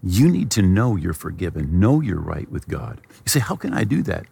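A man's voice: low voice, sing-song, normal speed, gravelly, dark tone, big-room sound, a little hiss or hum. A man preaching a television sermon, telling a personal story and leading viewers in prayer. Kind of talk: sermon with altar call.

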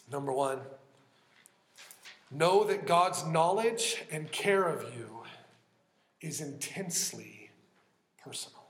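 A man preaching a sermon in an earnest, conversational way, often dropping to a hushed voice for emphasis. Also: medium pitch, echoey room, slight background noise.

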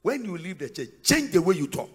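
A man with a Ghanaian accent preaching a sermon in church, breaking into shouts and sing-song cadences. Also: high-pitched, big pitch swings, brisk, breathy edge. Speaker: pastor.

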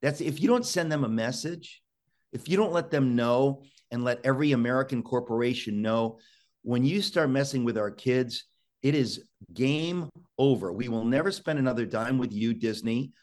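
A man's voice: mid-range voice, normal speed, a little mellow. A male talk show host urgently exhorting his listeners, often restarting words in a rush.

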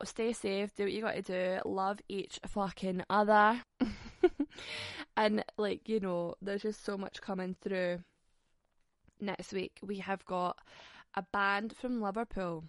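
A woman's voice: medium pitch, fairly even intonation, measured pace, no echo, studio quality. Sweary, chatty woman podcaster. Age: 20s. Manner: chatty, sweary and frank, laughs often. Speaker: podcast host. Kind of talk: casual solo podcast chat.

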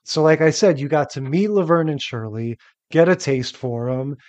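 A man co-hosting a TV podcast in casual chat, measured and analytical. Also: fairly high pitch, darkish tone, highs cut off. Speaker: podcast co-host.

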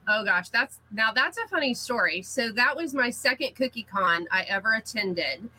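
A middle-aged woman recounts her anecdotes in a relaxed, chatty way, laughing often. Her voice is bright and a touch husky, and she sits a little above the usual pitch for a woman. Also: moderate pace, low-quality recording. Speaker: guest, cookie artist. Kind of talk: casual interview storytelling.

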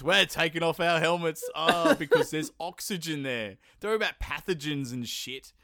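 A young man hosting a podcast, chatting casually and acting out film characters in quick impressions. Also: a little high, dry recording. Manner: animated, mimics film characters mid-story. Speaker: podcast host. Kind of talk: casual comedic chat.

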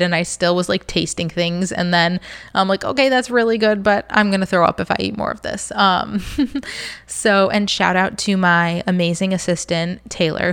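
A woman's voice: lowish voice, fairly bright tone, clear, resonant tone. A young woman telling a personal story in a candid, conversational way, full of "like"s and at times fighting back tears. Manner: conversational, lots of fillers and "like". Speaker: vlogger sharing a personal story.

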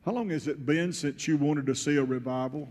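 A pastor preaching a sermon, retelling a scripture story in first person and swelling to loud, emotional peaks. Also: male voice, a little high, brisk. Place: church sanctuary. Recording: church hall with long reverb.

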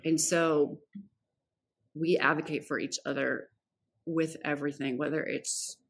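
A woman's voice: sits low, a little slow, breathy edge. A woman guest on a podcast telling a personal story frankly and with energy, acting out what people said and swearing casually. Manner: frank and animated, acts out quoted dialogue, swears casually.

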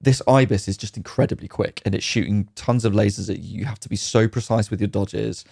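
A man's voice: on the low side, fairly quick, creaky, darkish tone, breathy edge, no room sound, clean studio sound. A man co-hosting a casual podcast chat, talking in a rambling, enthusiastic way about games with frequent ums. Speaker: podcast co-host.

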